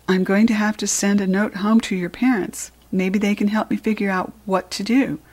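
A woman reading a storybook aloud, voicing a strict, moody middle-aged schoolteacher in a crisp, clipped manner. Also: mid-range voice, steady tone, moderate pace, darkish tone, close to an everyday voice. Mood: coaxing.

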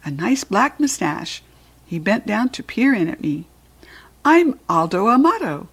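A woman reading a children's storybook aloud in a gentle, expressive way. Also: medium pitch, unhurried, creaky, slightly rough. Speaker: narrator.

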